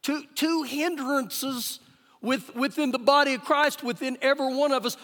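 Preacher guy, really high voice, swings loud then quiet, big church echo. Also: steady tone, normal speed. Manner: emphatic preaching, rises loud then drops soft. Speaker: pastor. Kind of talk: sermon. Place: church sanctuary. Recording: live church recording with long hall reverb.

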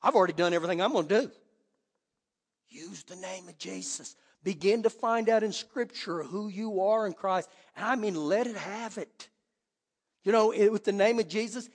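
Male pastor, high voice, animated sermon delivery, church hall echo. Loud-to-hushed swings.

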